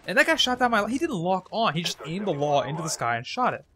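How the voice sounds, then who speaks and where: A man's voice: high-pitched, very animated, fast, pushed and bright, slight background noise. A man giving casual, jokey, rambling commentary over his own gameplay. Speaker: gaming commentator.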